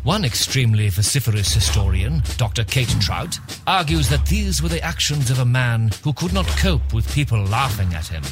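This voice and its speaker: An actor narrating a comedic audio drama in a grave, measured, mock-serious manner, addressing the listener directly. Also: male voice, mid-range voice, very animated, close to an everyday voice. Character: solemn, mock-serious male storyteller. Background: music.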